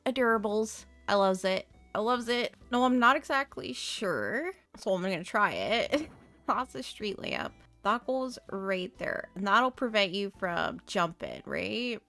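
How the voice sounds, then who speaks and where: Slow-talking giggly woman gaming. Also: medium pitch, expressive, creaky, pushed and bright, soft background music. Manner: chatty, giggly, talks to herself while building. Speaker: game streamer. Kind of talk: casual gameplay commentary.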